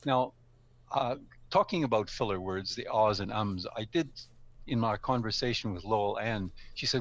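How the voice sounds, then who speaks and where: A man's voice: lowish voice, animated, moderate pace, a bit bright, lo-fi sound. An older man in casual instructional talk, explaining speaking tips in a conversational way with ums and self-corrections. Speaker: guest speaker, speaking coach. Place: live stream studio or room.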